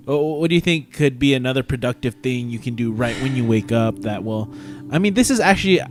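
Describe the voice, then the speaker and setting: A man's voice: mid-range voice, animated, fairly quick. A man in a casual chat, rambling and correcting himself as he goes. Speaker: guest.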